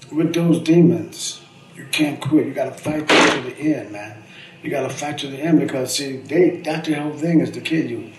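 A man's voice: mid-range voice, a little mellow, slight background noise. An older man, a veteran poet, telling rambling, emphatic and profane stories in an interview, often ending his sentences with "man.". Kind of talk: candid interview storytelling. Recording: echoey room, distant mic, faint ambience.

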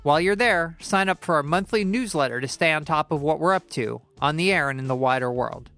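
A man hosting a podcast in a studio, reading a measured scripted introduction. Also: on the high side, bright, forceful tone, soft background music. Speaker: podcast host. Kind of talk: scripted intro, then interviewing. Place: recording studio.

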